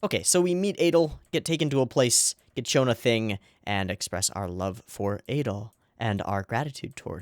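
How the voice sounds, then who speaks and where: A man's voice: mid-range voice, normal speed, few pauses, no room sound, studio quality. A man hosting an anime reaction channel, rambling through casual episode commentary and swearing freely along the way.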